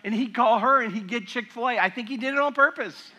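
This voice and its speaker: Male pastor, middle-aged, high and bright voice, chatty sermon storyteller. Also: quick pace, hardly any pauses. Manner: conversational storytelling with acted asides.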